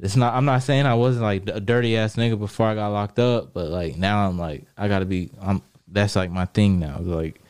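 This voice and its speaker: A man casually telling stories from prison in a relaxed, profane way, laughing often and filling his talk with "like" and "you know what I mean". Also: lowish voice, fairly quick, few pauses, smooth, no room sound, clean studio sound. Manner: laid-back, profane, laughs often, many fillers. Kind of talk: casual storytelling chat.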